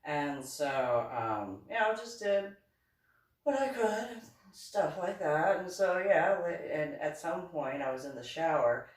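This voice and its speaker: A woman casually telling a story about her scuba dives, laughing often and acting out the dialogue in a high voice. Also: animated, slow pace. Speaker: author reading and commenting on her book. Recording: roomy sound, a bit far from the mic.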